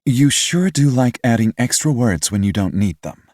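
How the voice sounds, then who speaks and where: A man reading an audiobook voices a composed, gentle middle-aged American mother in a soft, measured way. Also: medium pitch, animated, no echo, clean studio sound, voice pushed up, close to an everyday voice. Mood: teasing. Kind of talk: audiobook character voice.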